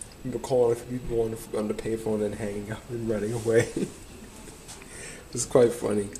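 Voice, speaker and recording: A man's voice: fairly low pitch, level tone, fairly quick, warm tone, slight background noise. Laid-back New guy rambling. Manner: nostalgic, rambling, laughs often. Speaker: vlogger. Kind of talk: casual chat to camera.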